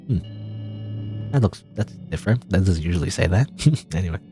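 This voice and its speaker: A man hosting a let's play, commenting on a game in an animated, amused way. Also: sits low, moderate pace, long pauses, faint music behind. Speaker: gaming video host.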